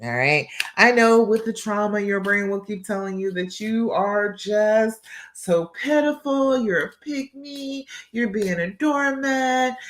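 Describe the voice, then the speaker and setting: A woman hosting a live coaching stream, talking in an encouraging, emphatic way and often checking in with "all right" and "okay". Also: medium pitch. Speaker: relationship coach and live show host.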